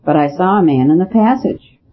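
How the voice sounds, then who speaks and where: A man reading the part of a grieving gentleman in a storybook, speaking heavily and solemnly. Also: on the high side, normal speed, close to an everyday voice. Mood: heavy, grim. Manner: heavy, solemn. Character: grim grieving gentleman, heavy-voiced. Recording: dull lo-fi with faint hiss.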